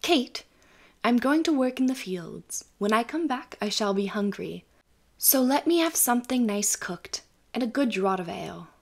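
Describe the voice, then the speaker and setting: A woman's voice: a little high, animated, normal speed, creaky. A woman voicing a blunt farmer husband in a storybook reading, exclaiming and scolding. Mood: cheerful.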